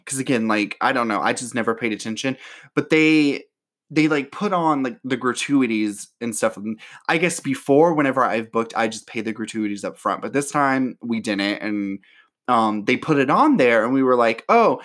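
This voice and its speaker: A man telling a story in a casual, sassy way, full of "like", his voice leaping up when he gets excited. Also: moderate pace. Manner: chatty and sassy, heavy use of "like"; animated, with voice jumping high when excited.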